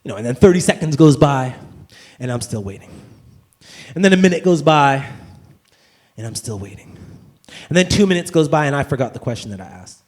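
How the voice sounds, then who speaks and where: A man doing a profane stand-up comedy rant, swinging between muttered asides and shouted outbursts. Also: mid-range voice, lively intonation, fairly quick, long pauses.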